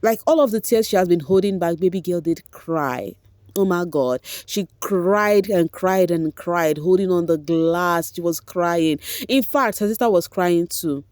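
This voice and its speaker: A woman with a Nigerian accent in a casual vlog, giving an emotional, animated recap of a reality show and slipping into Pidgin now and then. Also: on the low side, a little slow, dry recording, clean studio sound.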